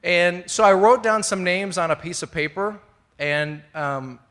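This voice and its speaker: A middle-aged man speaks to a room of fellow members with a bright, ringing voice pitched a bit high. He rambles through his story with fillers and false starts. He stays earnest and now and then laughs at himself. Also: unhurried. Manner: rambling, conversational, many fillers and restarts. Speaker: speaker sharing at a recovery meeting. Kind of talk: personal recovery share to a live audience. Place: indoor meeting room with an audience.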